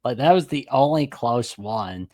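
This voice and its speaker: A man's voice: medium pitch, expressive, a little slow, darkish tone. A man co-hosting a casual sports chat, enthusiastic and rambling, with lots of "like" and "man". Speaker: podcast co-host.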